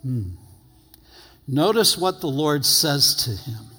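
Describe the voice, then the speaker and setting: A man preaching a sermon, reading scripture aloud and stressing his phrases slowly and emphatically. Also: fairly high pitch, animated, sharp tone, husky. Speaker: pastor. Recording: long hall reverb.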